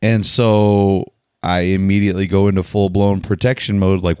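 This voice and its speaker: Guy, lowish voice, laid-back chat, dry recording. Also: unhurried, clean tone, no room sound. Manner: relaxed, adds his side to his partner's story. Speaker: co-host telling their wedding story. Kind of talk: casual chat.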